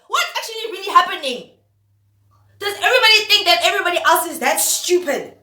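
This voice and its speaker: A high-voiced woman rants straight to camera, her pitch swinging widely as she piles on exasperated rhetorical questions. Her tone is bright and cutting, and the sound rings with a noticeable roomy echo. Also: expressive, brisk. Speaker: vlogger host. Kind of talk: opinion rant to camera.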